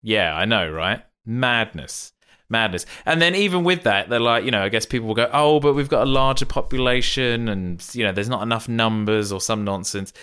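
A man's voice: lowish voice, lively intonation, bright, forceful tone, clean tone. A man from the UK co-hosting a podcast, joking around in casual banter. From United Kingdom. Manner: jokey, quick asides, silly voices. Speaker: podcast co-host.

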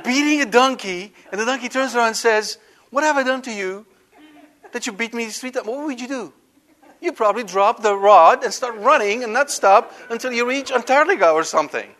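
A man teaching a Catholic Bible lesson in an animated way, full of rhetorical questions. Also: sits high, fairly quick. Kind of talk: Bible study lecture.

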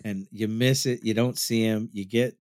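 A man's voice: lowish voice, steady tone, moderate pace, a little mellow, no room sound, clean studio sound. A man hosting a casual chat, teasing his co-host with made-up scenarios. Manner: teasing, builds joking scenarios.

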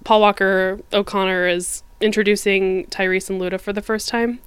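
A woman co-hosting a casual podcast about movies, animated, laughing often and swearing casually. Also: medium pitch, normal speed, smooth, no room sound. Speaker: podcast host.

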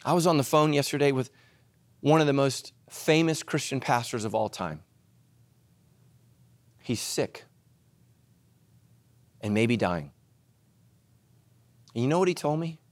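A man preaching a sermon as pastor, telling stories with humor and swinging between loud emphasis and hushed asides. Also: medium pitch, expressive, a little slow, pauses often, no room sound.

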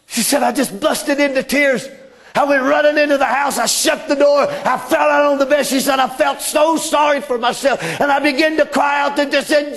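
A man preaching a sermon, telling stories with passion and swinging between loud cries and hushed drops. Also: extremely high pitch, moderate pace, creaky.

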